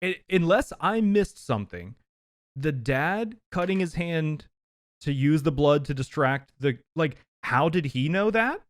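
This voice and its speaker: A man with a somewhat high voice co-hosts a casual movie review chat, stammering as he starts his sentences. The sound is close and dry. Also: expressive, unhurried, no room sound. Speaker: podcast co-host.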